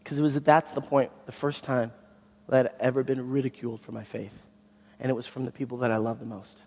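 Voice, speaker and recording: A man preaching a sermon as the pastor, telling stories with animation and swinging from loud to hushed. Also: medium pitch, level tone, fairly quick. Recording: long hall reverb.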